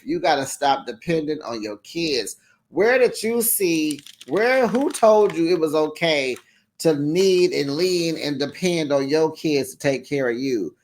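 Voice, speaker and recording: A reality TV recap host chatting casually with viewers in a sassy, direct way and laughing easily between remarks. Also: medium pitch. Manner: sassy, talks straight to viewers, acts out quoted lines. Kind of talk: casual episode recap vlog.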